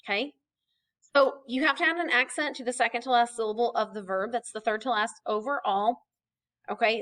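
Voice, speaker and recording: Young woman, teacher, recorded lesson, patient step-by-step explaining, fairly high voice. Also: a bit bright. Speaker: Spanish teacher.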